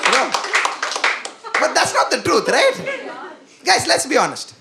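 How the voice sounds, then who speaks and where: Lively gravelly young man doing stand-up. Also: very high voice, moderate pace, a faint crowd. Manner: animated, self-deprecating, acts out quoted voices. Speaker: stand-up comedian. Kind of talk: stand-up comedy set. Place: comedy club stage.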